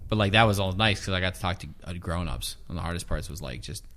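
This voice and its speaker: A man's voice: low voice, fast, fairly bright tone. A man in his thirties hosting a casual conversation, reflecting aloud and leaning on "like" as he goes. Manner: reflective, thinks aloud with many "like" fillers. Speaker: podcast host and stay-at-home dad.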